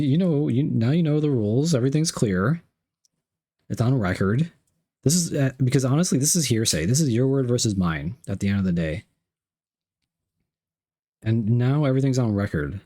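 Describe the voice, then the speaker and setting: A man's voice: mid-range voice, animated, normal speed, mellow. A young man streaming live, reading chat messages aloud and unboxing gifts, playful and repeating himself.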